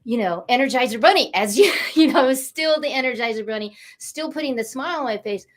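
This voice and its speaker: Talk show guest, woman, late 50s, higher voice, animated and heartfelt storyteller. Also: fast. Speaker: guest, energy coach. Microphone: studio or video call mic.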